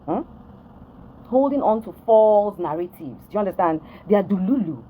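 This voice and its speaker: A woman's voice: mid-range voice, expressive, moderate pace, narrow, tinny audio, slight background noise. A Nigerian woman ranting straight to camera for her followers, emphatic and repetitive, often asking if they understand. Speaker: vlogger addressing followers. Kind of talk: direct-to-camera rant.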